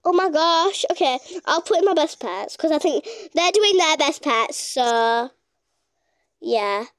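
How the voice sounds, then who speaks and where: A woman giving casual, excitable gameplay commentary as a gaming YouTuber, gushing with exclamations. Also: sits high, a little slow, no room sound, studio quality.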